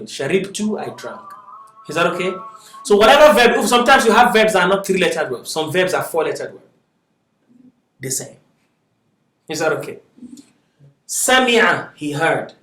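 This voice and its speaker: A man teaching an Arabic class, reading word lists aloud slowly with frequent laughs and chatty asides. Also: a little high, expressive, a bit bright. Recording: echoey classroom from far off.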